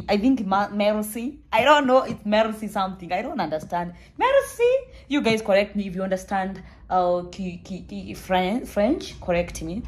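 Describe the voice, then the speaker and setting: A woman's voice: fairly low pitch, a little hiss or hum. Young Kenyan woman, travel vlogger, playful and theatrical storyteller. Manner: playful, joking, dramatic retelling. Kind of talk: animated storytelling to camera.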